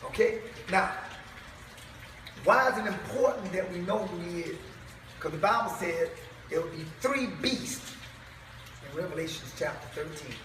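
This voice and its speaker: A man's voice: high voice, lively intonation, normal speed, long pauses, fairly bright tone, slight background noise. A man preaching to a live congregation, emphatic and firing rhetorical questions at the crowd. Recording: echoey hall, far from mic.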